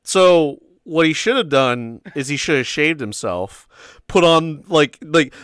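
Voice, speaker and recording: A man hosting a casual livestream chat, telling a long story in a rambling, animated way with laughs and swearing. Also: on the high side, a little slow, clear, resonant tone, no room sound, studio quality. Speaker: livestream host.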